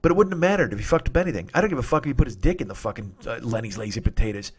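A man's voice: mid-range voice, lively intonation, racing, breathy edge. A man in his forties hosting a comedy podcast, delivering a rambling, profane, nostalgic comic monologue. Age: 40s.

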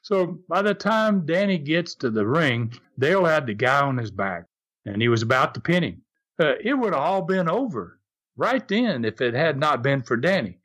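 An older man with a Southern American drawl spins a story in a relaxed, casual way. His voice sits a touch high and swings widely in pitch, and he often chuckles and acts out the shouts of the people in his tale. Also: normal speed. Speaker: podcast host telling wrestling stories.

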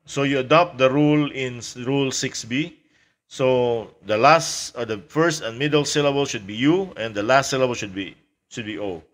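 Male language teacher, mid-pitched voice, casual lecture pace, repeats words as he explains. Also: fairly bright tone. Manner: explains slowly with fillers, repeats example words.

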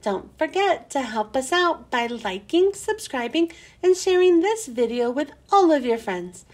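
A woman reading a children's chapter book aloud, slow and expressive. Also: sits high.

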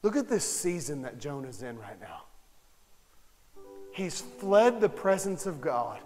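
A high-pitched male pastor preaching with passion, dropping to near whispers and climbing to shouts. His voice rings through a church hall with a long reverb tail, and soft music sits faintly underneath. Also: big pitch swings, unhurried, long pauses. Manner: impassioned, swings from hushed to shouting. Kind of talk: sermon. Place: church sanctuary.

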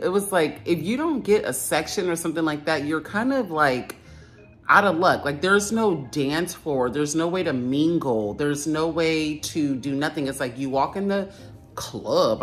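A woman's voice: deep voice, lively intonation, a little slow, soft background music. A young woman from California talking casually to her vlog viewers, telling stories and acting out what people said. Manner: chatty storytelling, acts out quoted people. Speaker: vlogger. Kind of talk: casual vlog talk to camera.

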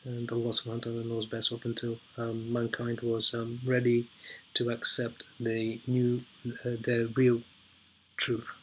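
Male vlogger, middle pitch, very monotone, hesitant filler-heavy off-the-cuff commentary. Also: unhurried, a little hiss or hum. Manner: hesitant, heavy with ums and uhs; emphatic repetition for stress. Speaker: video blogger. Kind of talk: unscripted commentary while reading an article.

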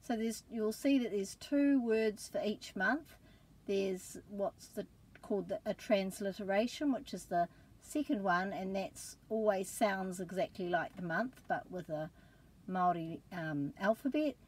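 A woman's voice: mid-range voice, measured pace, a little mellow. A woman teaching pronunciation, carefully sounding out words syllable by syllable in a patient lesson. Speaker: language teacher.

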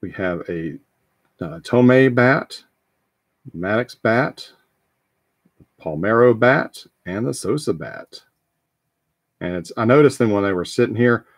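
A man's voice: lowish voice, lively intonation, takes it slowly, long pauses, dry recording, clean studio sound. A man hosting a live trading card break, talking casually and rambling with frequent ums and restarts.

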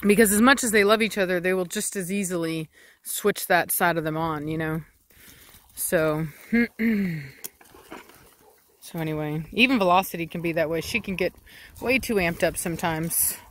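A woman's voice: lowish voice, normal speed, long pauses, fairly bright tone, a little hiss or hum. A woman, a dog breeder talking casually to camera while firmly shushing and commanding her dogs. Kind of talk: casual vlog narration.

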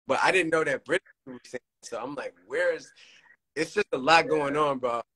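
A man from the United States hosting a casual interview, blunt and relaxed, with plenty of slang and swearing. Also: on the high side, brisk, husky, low-quality recording. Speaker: host.

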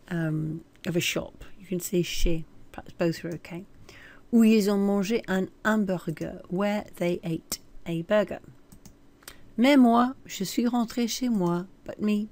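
A woman's voice: lowish voice, darkish tone. A woman teaching French, reading short sentences and then translating and commenting on them, with asides where she corrects herself. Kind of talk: recorded language lesson.

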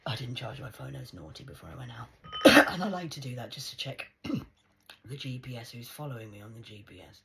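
A woman rambling in a monologue to camera, slipping between hushed whispers and sudden loud outbursts, swearing and speaking in a conspiratorial tone. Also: a bass voice, creaky, slight background noise, low-quality recording. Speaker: vlogger.

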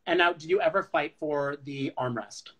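A man's voice: fairly high pitch, normal speed, fairly bright tone, low-quality recording. A man hosting a casual chat show, joking and teasing his guest and laughing often. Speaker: host.

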